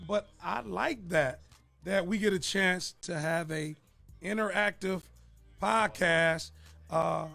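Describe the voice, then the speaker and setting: An excitable man co-hosting a morning radio show, hyping listeners up to call in. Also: sits high, slow, gravelly, soft background music. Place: radio studio.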